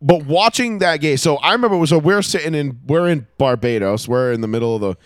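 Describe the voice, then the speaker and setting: A man co-hosting a casual podcast, telling a story in a profane, animated way. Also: on the high side, a little fast, no room sound, studio quality. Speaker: podcast co-host. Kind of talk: casual chat.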